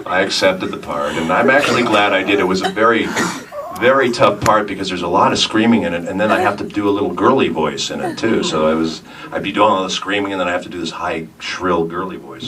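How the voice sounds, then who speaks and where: A man, a voice actor, telling animated stories and answering questions at a convention panel. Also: deep voice. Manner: animated storyteller, puts on voices in anecdotes. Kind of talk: panel talk with audience. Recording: noisy hall, miked from a distance.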